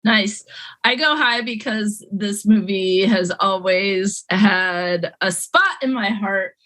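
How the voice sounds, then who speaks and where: A woman's voice: medium pitch, slow. Chatty woman hosting a podcast. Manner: laughs often, animated when quoting lines. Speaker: podcast host. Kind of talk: casual chat.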